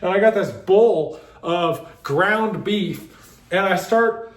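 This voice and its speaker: High-voiced man telling a laughing story. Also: slow pace, echoey room. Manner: animated, breaks into frequent laughter. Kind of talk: casual personal storytelling.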